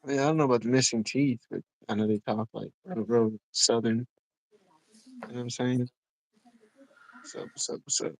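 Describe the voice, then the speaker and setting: A man's voice: mid-range voice, fairly even intonation, normal speed, long pauses, no echo, rough recording. Rambling man on a casual livestream. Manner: rambling, filler-heavy, "you know what I'm saying". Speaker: livestream co-host. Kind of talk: casual chat.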